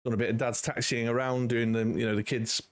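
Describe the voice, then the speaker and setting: A man's voice: medium pitch, level tone, quick pace. A man in his forties hosting a casual livestream from home, chatting with viewers in a rambling, friendly way. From United Kingdom. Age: 40s. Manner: rambling and friendly, many "you know"s. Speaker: livestream host.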